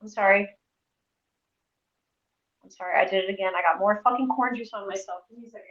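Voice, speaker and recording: A woman's voice: mid-range voice, fast, a bit bright. Chatty, profane woman in an echoey kitchen. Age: 40s. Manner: chatty, profane, self-deprecating. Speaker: streamer. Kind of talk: casual cooking livestream chat. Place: home kitchen. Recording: echoey room, dull lo-fi audio.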